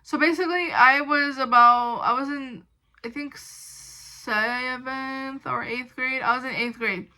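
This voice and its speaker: A young woman with a high, bright voice tells a personal story to the camera. She rambles casually, stacking "like" and restarting her sentences, with an indignant edge. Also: fairly even intonation, a little slow, rough recording. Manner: indignant when recounting. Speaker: storytime vlogger.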